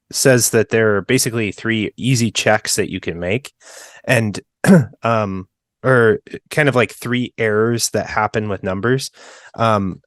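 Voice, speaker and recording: A young man co-hosting a book podcast, talking in a relaxed, rambling way with lots of fillers. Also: on the low side, no echo, clean studio sound. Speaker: podcast co-host. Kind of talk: casual book discussion.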